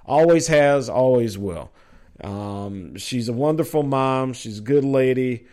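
A man's voice: mid-range voice, lively intonation, a little slow, mellow. A middle-aged man from Minnesota hosting a live sports talk show, chatty and rambling with lots of fillers.

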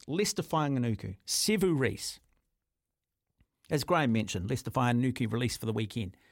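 A man's voice: medium pitch, no echo, clean studio sound. A man with a New Zealand accent hosting talkback radio, blunt and combative, often calling his caller mate. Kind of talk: opinionated talk radio. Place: radio studio.

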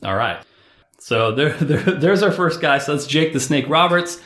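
A man's voice: on the high side, lively intonation, normal speed, a bit bright, echoey room. A man hosting a casual podcast chat, explaining things to a friend and laughing often. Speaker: podcast host.

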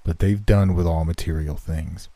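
A man's voice: deep voice, fairly even intonation, moderate pace, mellow, no room sound. A man doing a stiff, skeptical chaplain. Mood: dismissive. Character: skeptical male prison chaplain, stiff and curt.

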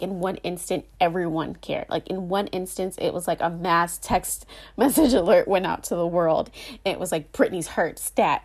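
A young adult woman casually telling a dramatic personal story, animated and full of fillers. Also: medium pitch, vocal fry.

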